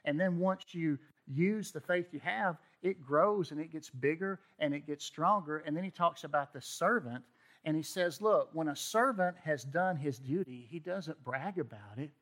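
A man's voice: a little high, moderate pace, a bit bright. A man preaching a sermon in a conversational way, often checking in with "okay?" and restarting his words. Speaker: pastor.

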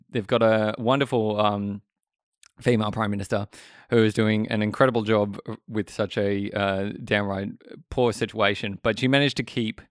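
A man's voice: on the low side, dry recording, studio quality. An Australian man in his thirties hosting a podcast, chatting casually and rambling with frequent laughs. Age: 30s. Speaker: podcast host.

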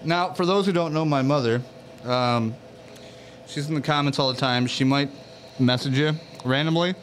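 A man co-hosting a casual podcast from a garage, telling stories loudly and profanely, a little tipsy from drinks. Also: mid-range voice, moderate pace, background noise. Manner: loud, profane, animated storyteller. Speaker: podcast co-host. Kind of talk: casual chat.

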